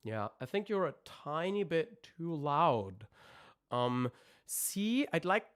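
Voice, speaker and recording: Coaching singers on a live stream, this man talks in a fairly high voice with wide swings in pitch. He speaks haltingly, looks for his words, and interrupts himself to demonstrate screams and vocal sounds.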